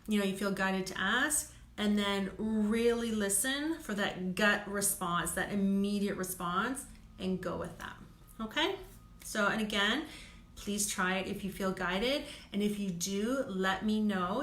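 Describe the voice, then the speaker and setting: Bright-voiced woman giving chatty card readings. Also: medium pitch, echoey room, a little hiss or hum. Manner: chatty, laughs often, says "okay?" a lot. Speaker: intuitive card reader. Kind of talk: live-stream card readings.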